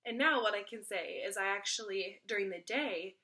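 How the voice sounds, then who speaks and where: A woman's voice: medium pitch, moderate pace, pushed and bright. A young woman talking casually to camera as a mom vlogger, earnest and repeating points for emphasis. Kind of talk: casual advice vlog.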